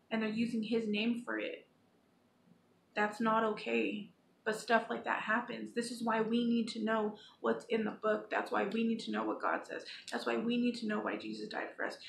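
A woman's voice: fairly high pitch, creaky. A woman giving an earnest, pleading devotional talk to her viewers, reading scripture aloud now and then. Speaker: Christian vlogger. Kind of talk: informal spoken devotional. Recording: echoey room with faint background noise.

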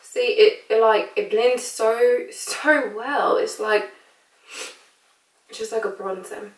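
Brief: playful American woman, fake British accent, fairly high voice, echoey room and a mic set back. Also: fairly even intonation, takes it slowly, recorded from a distance. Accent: put-on British. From United States. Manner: playful, chatty, laughs often. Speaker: beauty vlogger. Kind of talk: casual makeup tutorial.

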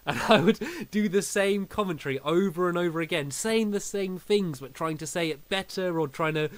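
A man's voice: high voice, normal speed, no room sound. A young man hosting a casual podcast, telling stories animatedly and laughing often. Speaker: podcast host. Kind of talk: casual chat.

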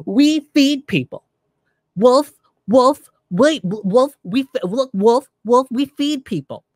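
A flustered older woman politician, as a man puts her on, pitched way up and a little louder. She talks insistently and keeps repeating herself. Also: animated, slow, dry recording, studio quality, heavily acted.

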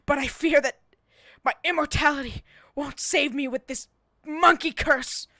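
A woman narrates her game with mock-heroic drama, cursing and yelling at enemies. Her voice is very high and bright, and it sits dry and close with almost no room sound. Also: a little slow, no room sound. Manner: melodramatic mock-heroic monologues, swearing and yelling. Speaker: gamer. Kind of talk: gameplay commentary.

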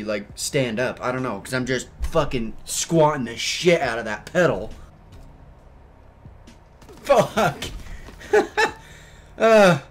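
Young man, gaming vlogger, casual chat, swears constantly, lots of "like", gets heated, slight hiss behind. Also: mid-range voice. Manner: swears a lot, full of fillers, gets worked up and loud at the game. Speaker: gaming YouTuber. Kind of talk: casual storytelling over gameplay.

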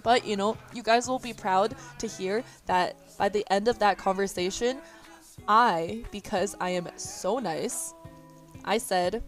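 A woman's voice: mid-range voice, a little slow. Young woman streamer, giggly, rambling anecdotes, faint music bed. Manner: laughs often, lots of fillers and restarts. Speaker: livestreamer. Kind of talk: casual chat storytelling.

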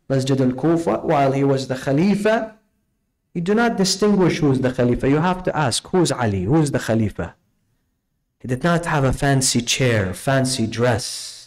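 A man with a high-pitched voice delivers a sermon with fervent, rhetorical force, at times acting out the voices in his stories. The delivery is impassioned and carries the rhythm of repeated phrases. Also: a little mellow, low-quality recording. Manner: impassioned, rhetorical, acts out quoted dialogue. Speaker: preacher. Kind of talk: Ramadan night sermon.

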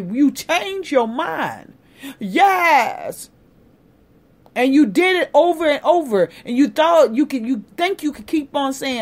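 Emphatic woman ranting, high lively voice. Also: unhurried. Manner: emphatic, sarcastic, repeats herself for effect. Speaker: vlogger. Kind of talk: impassioned political rant.

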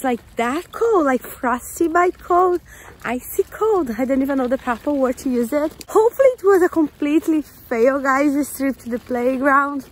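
Woman vlogging outdoors, high voice, faint music behind, chats to her baby and viewers. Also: husky. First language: Portuguese. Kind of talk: casual vlog chat. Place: outdoors at a park.

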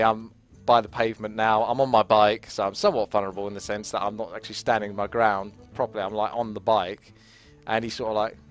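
A man's voice: mid-range voice, fairly bright tone. A man vlogging about fitness, telling a story in a rambling, candid way and swearing freely. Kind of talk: casual storytelling vlog.

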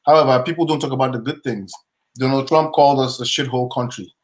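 A man's voice: medium pitch, steady tone, quick pace, rough recording. A man from Nigeria with a Nigerian accent, a guest on a live panel discussion, speaking emphatically and proudly and telling stories in which he acts out both sides.

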